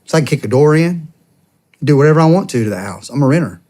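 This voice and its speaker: A man's voice: on the high side, animated, fast talker, darkish tone. A man, a former police officer and podcast guest, tells an emotional personal story in an earnest, conversational way. He acts out what others said and often restarts his sentences. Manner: acts out the quoted speech of others while telling the story.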